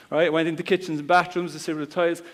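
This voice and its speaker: A man's voice: fairly high pitch, little pitch movement, quick pace. A middle-aged man with a Cork Irish accent giving a chatty, joking seminar talk. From Ireland. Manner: chatty, joking, blunt slang. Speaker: seminar speaker. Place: seminar hall. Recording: long hall reverb.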